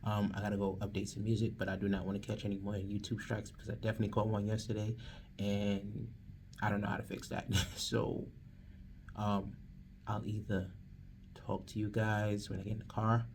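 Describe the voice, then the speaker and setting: A man's voice: lowish voice, little pitch movement, brisk, vocal fry, darkish tone, distant mic, a little hiss or hum. A young man reading news on campus radio, then joking to camera between takes in a slangy, self-mocking way. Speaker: campus radio newscaster and vlogger. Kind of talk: casual vlog with news reading. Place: radio station booth.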